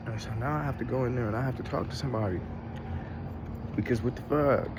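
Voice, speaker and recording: A man's voice: mid-range voice, quick pace, background noise. A young man, hosting a casual travel vlog, rambling and swearing as he talks through his frustration and laughs at it. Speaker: show host.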